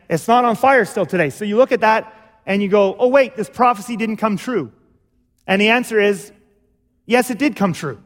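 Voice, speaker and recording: Male pastor, high voice, sermon delivery, explanatory, lingering hall reverb. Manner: explanatory, repeats "okay?" to check understanding. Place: church.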